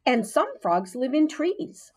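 A woman reading aloud voices a patient but firm schoolteacher who gently scolds her class. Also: high-pitched, big pitch swings, voice pushed up, full character voice. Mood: stern. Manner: brisk, gently scolding teacher voice.

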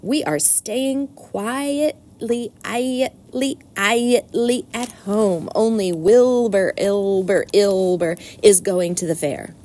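A woman voicing a strict mother goose in a storybook reading, snappish and drawn-out. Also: medium pitch, mellow, close to an everyday voice. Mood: scolding.

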